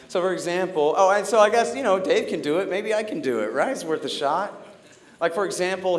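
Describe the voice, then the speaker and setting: A man's voice: on the high side, slight background noise. A man doing a stand-up comedy set on stage, telling stories sardonically and acting out the people in them. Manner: sardonic storytelling, acts out characters. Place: comedy stage before a live audience.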